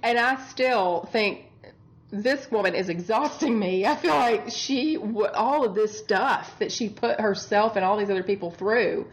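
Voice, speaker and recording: A woman's voice: medium pitch, unhurried. A woman who works as a bedside nurse, co-hosting a casual true-crime chat and telling the case with exasperated humor and frequent laughter. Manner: chatty, exasperated, laughs often. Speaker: podcast co-host.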